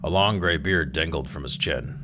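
A man narrating a classic short story aloud in an expressive reading, with occasional restarts. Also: a bass voice, normal speed, noisy background.

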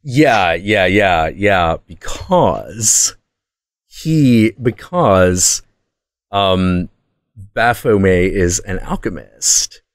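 A man hosting his own show, telling a story as a casual monologue in an intense, profane, excitable way. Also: low-pitched, very slow, no room sound, studio quality. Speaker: host.

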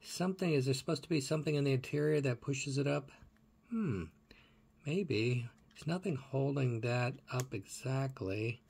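A middle-aged man with a husky, slightly breathy voice talks through a toy car collection in a casual show-and-tell. He muses aloud as he goes and keeps turning to ask the viewer's opinion. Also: medium pitch, normal speed, a little mellow. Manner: chatty and musing aloud, asking viewers questions.

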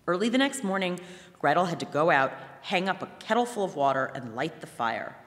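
A woman reads a fairy tale aloud at a live museum event, telling it in an animated way. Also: lowish voice, fairly quick. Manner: animated storytelling. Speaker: reader. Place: museum hall, before an audience. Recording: long hall reverb.

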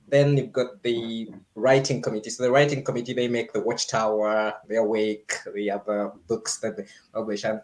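A man of ordinary, middle pitch speaks as a panelist on a livestream. He explains at length in a conversational way, often with small laughs mixed in.

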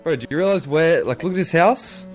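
A man's voice: fairly high pitch, lively intonation, a little fast, faint music behind. A man mocking another player on voice chat, scornful and taunting.

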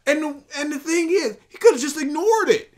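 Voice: high voice, lively intonation, normal speed, darkish tone. A co-host in casual commentary chat, mocking the person discussed and slipping into impressions of him.

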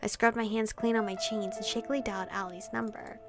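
A woman's voice: mid-range voice, steady tone, brisk, music in the background. A woman hosting a let's play, reading a visual novel aloud in a dramatic way, swearing and laughing between lines.

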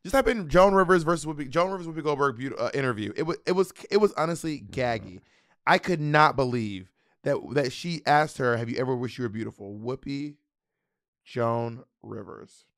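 A man's voice: a little high, lively intonation, dry recording, clean studio sound. A man co-hosting a podcast in a playful, teasing casual chat. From Southern United States. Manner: teasing, quick-talking, playful. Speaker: podcast co-host.

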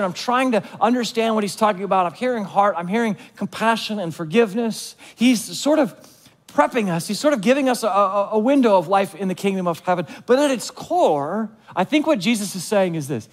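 A man preaching to a church congregation in a loose, conversational way, often turning questions back on his listeners. His voice sits fairly high for a man. A long reverb trails after his words, as in a large church hall. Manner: conversational, asks the audience questions; acts out quoted voices of listeners. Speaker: pastor. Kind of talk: sermon.

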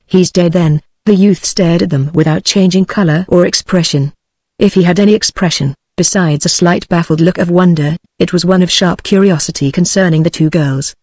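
A text-to-speech voice of a woman with a British English accent, reading a novel aloud in an even, measured way. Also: lowish voice, no echo, clean studio sound. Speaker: audiobook narrator.

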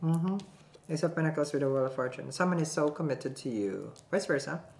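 A woman's voice: deep voice, animated, fairly quick, gravelly, darkish tone. A woman giving a casual tarot reading to camera, chatty, laughing often and checking in with her viewers as she goes. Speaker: tarot reader. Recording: roomy echo, faint background noise.

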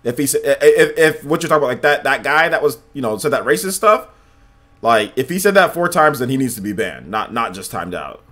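A man streaming gameplay live, talking to his chat in an animated, repetitive way. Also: mid-range voice, brisk. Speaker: gaming livestreamer.

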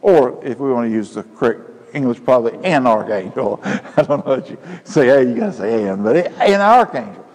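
A male pastor preaching a sermon, building to loud emphatic peaks. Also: medium pitch, animated, a little fast. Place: church sanctuary. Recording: church hall with long reverb.

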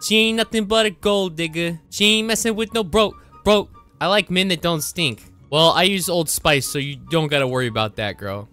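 A man's voice: fairly high pitch, moderate pace, few pauses, sharp tone, faint music behind. A man doing brash, teasing commentary while role-playing as a rich character in a game. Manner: brash, joking, teasing, often laughing. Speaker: gaming YouTuber.

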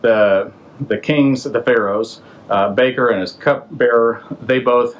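A man's voice: mid-range voice, unhurried, muffled recording. A man hosting a podcast, retelling an old story in a casual, slangy way and throwing in rhetorical questions. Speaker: podcast host.

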